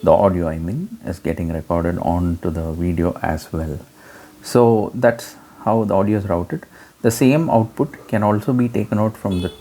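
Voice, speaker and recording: A man explaining an audio mixer in a relaxed hands-on demo, with frequent fillers. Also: fairly low pitch. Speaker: gear reviewer.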